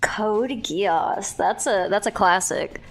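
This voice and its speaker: A woman's voice: mid-range voice, slow pace. A woman hosting a casual stream chat, giggly and chatty, often trailing off and restarting her sentences. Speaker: streamer host.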